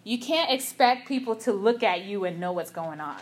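Animated young woman giving a casual sermon. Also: mid-range voice, normal speed. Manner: animated storytelling, filler-heavy, acts out quotes. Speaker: youth speaker. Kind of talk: casual sermon with personal story.

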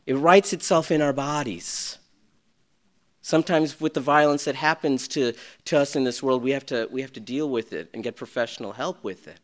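A man preaching a sermon, swinging between loud, urgent passages and hushed, near-whispered ones. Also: a little high. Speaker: pastor.

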